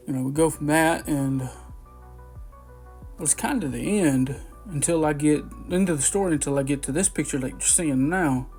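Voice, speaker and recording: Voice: mid-range voice, darkish tone. A person in their forties telling a long personal story to camera in a loose, rambling way, with frequent swearing and restarts. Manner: rambling, profane, full of restarts and fillers. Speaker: vlogger. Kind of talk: casual storytelling.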